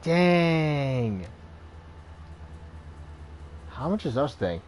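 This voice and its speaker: A man hosting a let's play, commenting casually on the game and reading its text aloud in a relaxed, plain way. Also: medium pitch, fast, slight background noise.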